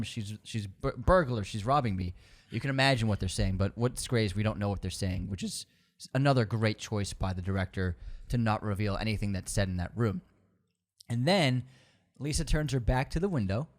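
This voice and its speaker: A man co-hosting a podcast in casual film talk, excitedly retelling scenes and breaking into loud outbursts. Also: lowish voice. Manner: excitable, acts out scenes with sudden loud bursts. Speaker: podcast co-host.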